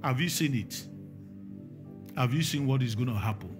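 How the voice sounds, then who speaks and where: A man's voice: mid-range voice, expressive, moderate pace, music in the background. A man with a Nigerian accent preaching a sermon, emphatic and firing questions at the congregation.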